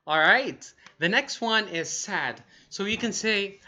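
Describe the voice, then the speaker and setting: Bright, upbeat man teaching English. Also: a little high. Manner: energetic, upbeat, models example phrases slowly. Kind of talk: online language lesson.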